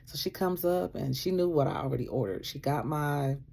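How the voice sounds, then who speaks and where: A woman casually telling a personal story, animated, acting out what people said and laughing often. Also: sits low, brisk, creaky. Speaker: vlogger sharing a faith testimony.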